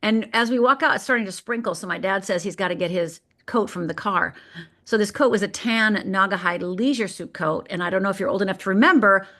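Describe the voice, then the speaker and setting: A middle-aged woman from Michigan tells her own story as a podcast guest. She speaks vividly and lets key moments land with deliberate pauses. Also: mid-range voice, bright, forceful tone. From Upper Peninsula of Michigan. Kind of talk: telling a personal story on a podcast.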